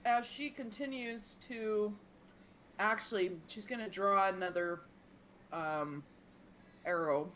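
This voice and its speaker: A woman describes her character's actions at a tabletop game, slowly and with many ums. Her voice sits at a middle pitch. A faint hiss runs underneath. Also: a bit bright. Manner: hesitant, lots of ums. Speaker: player. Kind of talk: casual tabletop play, narrating her character.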